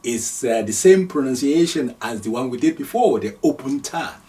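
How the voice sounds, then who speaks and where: A man's voice: medium pitch, lively intonation, moderate pace, warm tone, far from the mic. A man from Nigeria teaching Arabic letters step by step, patiently repeating each sound and chuckling now and then. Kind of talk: slow step-by-step lesson.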